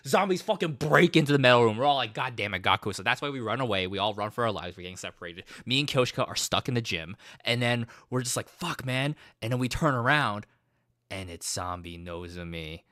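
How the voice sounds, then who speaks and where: A man giving a casual recap of a game he played, an animated storyteller who swears freely. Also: mid-range voice, fast talker, no echo, clean studio sound. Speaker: gaming streamer.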